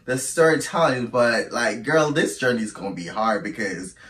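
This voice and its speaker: A man's voice: mid-range voice, normal speed, few pauses, distant mic. A man chatting expressively to his viewers in a casual storytime monologue. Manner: chatty and expressive, calls listeners "girl". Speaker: storytime YouTuber. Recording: roomy echo, away from the mic.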